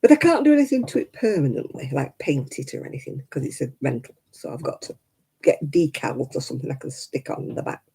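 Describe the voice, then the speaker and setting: A woman's voice: extremely low pitch, very animated, fairly quick, gravelly, mellow, husky. An older woman chatting casually with viewers on a crafting livestream, rambling and laughing often. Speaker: livestream host. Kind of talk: casual live-chat crafting stream.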